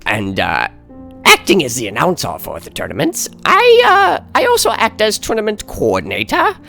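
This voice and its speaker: A man's voice: a little high, huge pitch swings, moderate pace, creaky, sharp tone, soft background music, pitched above the performer's own voice, heavily acted. A man voicing a sweaty, fussy male gnome who announces and coordinates a tournament, talking in flustered stammers full of "uh" and "ooh".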